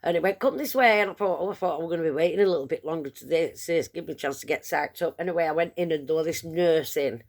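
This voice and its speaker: A woman's voice: low-pitched, quick pace, hardly any pauses, darkish tone. A woman chatting to camera, telling a long story in a rambling, self-mocking way. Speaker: vlogger. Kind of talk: casual storytelling.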